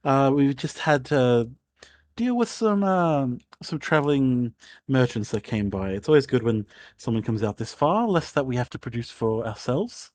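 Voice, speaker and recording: A man voicing an excitable, effusive noble lady of a keep, high and fussing. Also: moderate pace, no room sound, lightly acted.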